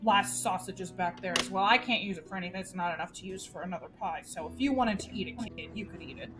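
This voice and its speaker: Woman doing a gentle feathered shopkeeper. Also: fairly low pitch, quick pace, over music, voice pushed down, natural voice. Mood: kindly.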